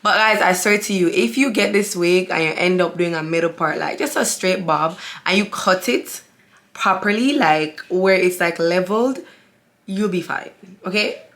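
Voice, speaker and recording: A woman's voice: fairly low pitch, normal speed, a bit bright. Chatty woman vlogging to camera. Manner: chatty and candid, addresses viewers as guys, frequent fillers. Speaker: beauty vlogger. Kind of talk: casual chat to camera.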